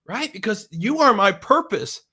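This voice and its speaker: Bright high-voiced motivational man. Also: measured pace, breathy edge. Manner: energetic, repetitive pep-talk chants. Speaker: motivational speaker. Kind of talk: motivational video talk.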